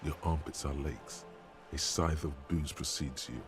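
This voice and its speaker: A very deep sardonic game narrator. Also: male voice, steady tone, unhurried, music in the background. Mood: mocking. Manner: dry, sardonic, descriptive. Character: deep-voiced omniscient male game narrator, wry and mocking.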